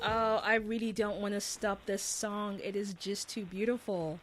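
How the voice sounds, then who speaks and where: A woman's voice: mid-range voice, steady tone, measured pace, faint music behind. A woman hosting a show, chatting in an enthusiastic, gushing way. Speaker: show host. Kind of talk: casual interview chat.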